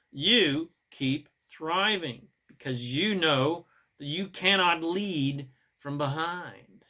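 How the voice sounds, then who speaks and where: A man delivering a self-help monologue in a bright, fairly high voice. He preaches with emphatic punches, swinging from loud bursts to soft asides. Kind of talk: motivational monologue.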